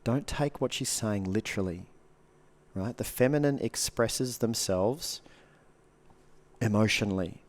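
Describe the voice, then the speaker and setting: Appearing as a podcast guest, a man shares lessons from his time as a coach in a loose, conversational way. He swears freely and breaks into animated, acted-out reactions to drive his points home. His voice is somewhat low and his pace a little slow.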